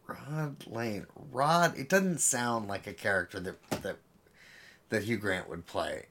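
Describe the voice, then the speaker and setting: A man co-hosting a podcast, playing along with a quiz in casual chat, joking and thinking out loud. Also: fairly low pitch, slow pace, vocal fry, noisy background. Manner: playful, joking, thinks aloud. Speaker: podcast co-host and quiz contestant.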